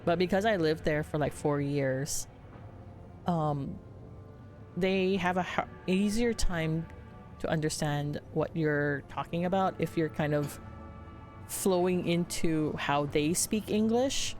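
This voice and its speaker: A woman's voice: sits low, slow pace, darkish tone, faint music behind. A woman from the Philippines chatting casually as a streamer, rambling with restarts and laughs. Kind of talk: casual chat while gaming.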